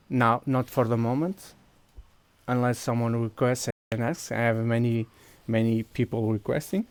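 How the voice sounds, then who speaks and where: A man's voice: medium pitch, no echo. A man with a Portuguese accent streaming a game, walking viewers through each step while he clicks and thinks aloud. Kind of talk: casual live-stream chat.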